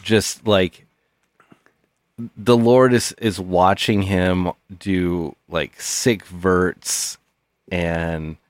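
Slow, low-voiced man joking deadpan. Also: clear, resonant tone, no room sound, clean studio sound. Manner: deadpan mock-solemn joking. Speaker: podcast co-host. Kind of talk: casual comedic chat.

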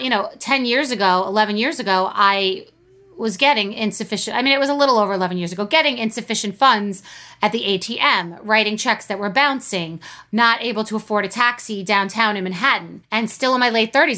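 A woman's voice: medium pitch, brisk, bright, forceful tone. A woman hosts a podcast, speaking candidly and emotionally in short repeated statements. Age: 50s. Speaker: podcast host. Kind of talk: personal monologue and interview.

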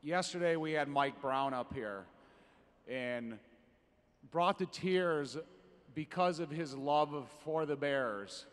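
A male host asks an earnest, wordy question from a convention stage. His voice sits slightly high, and a long hall reverb trails each phrase. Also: slow. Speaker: panel host. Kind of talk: onstage interview question.

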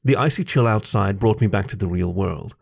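A man reading a first-person story aloud with expressive narration. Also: fairly low pitch, brisk, creaky, breathy edge.

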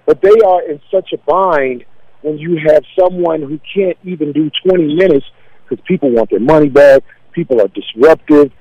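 A man's voice: a little high, no room sound, lo-fi sound. A man, a comedian, talking casually in an interview, confident and laid-back as he tells stories. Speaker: comedian guest.

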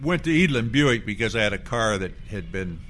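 An older man, a former football player, telling animated anecdotes in a panel interview and laughing through his lines. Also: on the low side, a little fast, slight background noise. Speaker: former fullback, guest.

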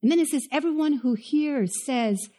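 High-voiced woman preaching a sermon. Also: dark tone. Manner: emphatic, preacherly, with quick asides to the congregation. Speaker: pastor. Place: church chapel.

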